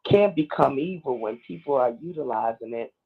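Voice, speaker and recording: Woman caller, earnest, gravelly, tinny phone line. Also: a bass voice, animated, moderate pace. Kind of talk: call-in radio commentary.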